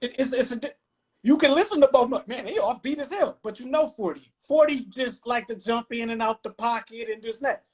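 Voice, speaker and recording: A man's voice: very high voice, steady tone, a little fast. Laid-back man hosting hip-hop talk. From Detroit, USA. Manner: laid-back, explanatory, frequent "you know what I'm saying". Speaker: podcast host.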